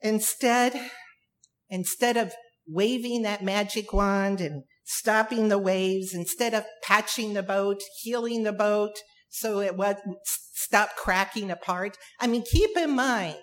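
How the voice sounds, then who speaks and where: A woman preaching a sermon at an unhurried, deliberate pace. She leans on key words, pauses for effect and repeats phrases for emphasis, with a pitch that sits in the middle for a woman. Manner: emphatic, dramatic pauses and repetition.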